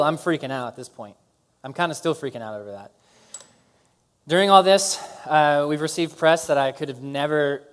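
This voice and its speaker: A man telling his story to a live audience in a smooth, clear voice of ordinary pitch. He talks casually, with many fillers and restarts, and gets animated when something excites him.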